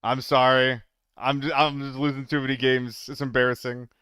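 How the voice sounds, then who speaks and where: A man's voice: medium pitch, flat delivery, moderate pace, bright, forceful tone, clear, resonant tone, no echo. A young man live-streaming a shooter game, chatting loosely with viewers, swearing and getting flustered in fights. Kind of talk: casual live-stream chat while gaming.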